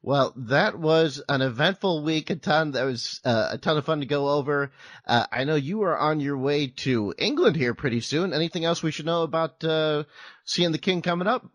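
A man's voice: a little high, moderate pace, a bit bright, dry recording, studio quality. A man co-hosting a casual chat, tossing in short prompts and questions. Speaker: podcast co-host.

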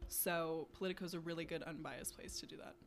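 A young woman co-hosting a podcast in casual chat, talking quickly with lots of fillers like "you know" and "like". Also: low voice, fairly even intonation, a little hiss or hum. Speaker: podcast co-host.

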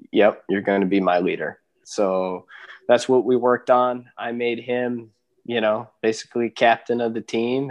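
A man from Alaska, a dog musher, chatting as a guest in an easygoing, rambling way with lots of fillers. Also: lowish voice. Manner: relaxed, rambling with many fillers. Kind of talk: casual interview chat.

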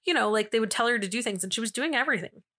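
Racing along with lively intonation, a young podcast host speaks in a fairly high, pushed, bright voice. She tells stories casually and chattily, with lots of fillers, asides, and laughs.

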